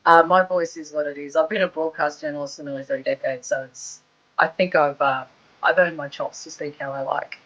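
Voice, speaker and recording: A middle-aged woman with an Australian accent, a broadcast journalist answering interview questions in a measured, reflective way. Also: deep voice, steady tone, fairly bright tone, dull audio.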